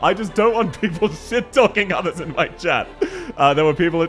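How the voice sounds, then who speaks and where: A man's voice: fairly high pitch, lively intonation, moderate pace, a bit bright, soft background music. A young man, streaming a game and chatting casually, joking, laughing often and reading chat aloud. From Australia. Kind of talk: casual live-stream chat while gaming.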